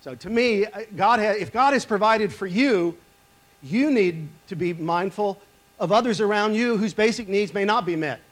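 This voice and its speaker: Guy preaching, kinda high voice, reads the bible story then talks it through, gets quiet on the side comments. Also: lively intonation, normal speed. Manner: conversational, rises for quoted lines and drops low for asides; some fillers and restarts. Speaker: pastor. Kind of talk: sermon, reading scripture and explaining.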